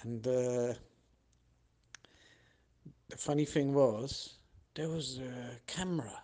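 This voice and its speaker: A man from tells his own stories in an easygoing, conversational way. His voice sits at an ordinary middle pitch, and he gets lively whenever he acts out what someone else said. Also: slow pace. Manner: animated, acts out other people's lines. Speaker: podcast host telling his own stories. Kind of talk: casual storytelling monologue.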